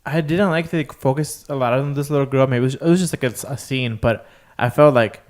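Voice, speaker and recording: A man talking casually on a podcast with friends. His voice is smooth and resonant, at an ordinary middle pitch. He speaks loosely and with energy, and he swears freely. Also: brisk. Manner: loose and animated, acts out quotes, swears freely. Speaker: podcast co-host. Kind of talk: casual recap chat.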